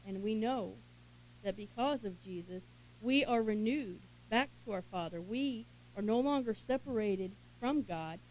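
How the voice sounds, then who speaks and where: A woman leading a Bible study, reading scripture with emphasis and commenting in a relaxed, conversational way with small laughs. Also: medium pitch, measured pace, rough recording. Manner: reads scripture aloud emphatically, then comments in casual asides with small laughs.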